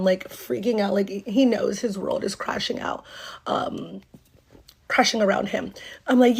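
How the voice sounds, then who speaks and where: Her voice medium in pitch and darkish in tone, a young woman from North Carolina tells a relaxed story at a moderate, fairly even pace. She wanders through fillers and swears while acting out what people said.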